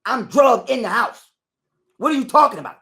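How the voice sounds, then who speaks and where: A gravelly, very high-pitched male voice at a moderate pace belongs to an interview guest. He spins a profane story in casual conversation, animatedly voicing other people's lines as he goes.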